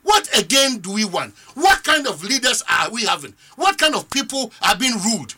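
A Ghanaian man delivers fervent talk-show commentary in a strikingly high, very bright voice. His pitch leaps and dips as he argues, and he drives each point home by repeating it. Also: very animated, moderate pace, breathy edge. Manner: fervent, rhetorical, repeats phrases for emphasis. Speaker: political commentator.

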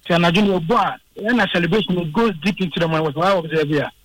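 Rambling high-voiced caller. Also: male voice, quick pace, fairly bright tone, no echo, rough recording. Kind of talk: call-in comment.

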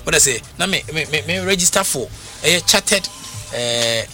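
A man with a Ghanaian accent hosting a radio talk show, telling stories in a lively, sing-song way and mixing Twi with English. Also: a little high, normal speed. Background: music bed.

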